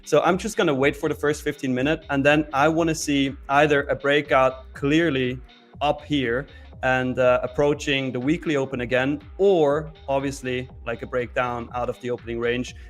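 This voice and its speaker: A man's voice: mid-range voice, steady tone, normal speed, faint music behind. A man co-hosting a live trading stream, explaining his market setups step by step. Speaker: trading co-host.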